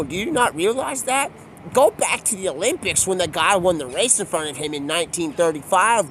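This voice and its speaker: A young man with a notably high voice rambles through a profane, excitable monologue, sliding from low mumbles into loud outbursts. He talks outdoors with faint city sound in the background. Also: slight background noise.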